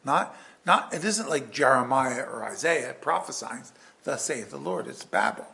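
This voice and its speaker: A man preaching a verse-by-verse sermon with an animated delivery that swings from loud emphasis to hushed asides. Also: medium pitch, unhurried, gravelly. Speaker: pastor.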